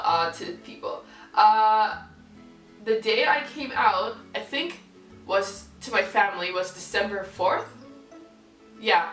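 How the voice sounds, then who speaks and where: A young woman telling a personal story to camera in a candid, lively, swearing casual style. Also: mid-range voice. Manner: candid, lively, swears freely, acts out quoted people. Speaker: vlogger. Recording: roomy echo, voice from far off mic, faint music.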